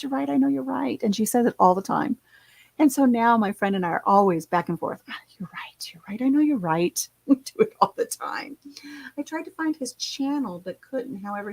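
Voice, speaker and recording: A woman's voice: mid-range voice, dry recording, rough recording. A middle-aged woman, chatting casually and rambling with her viewers as host of her channel. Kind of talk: casual livestream chat.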